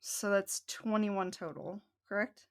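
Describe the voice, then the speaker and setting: A woman runs a tabletop game as its game master. She talks in an easygoing, relaxed way, giving rulings and narrating the action at a middling pitch. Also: a little slow.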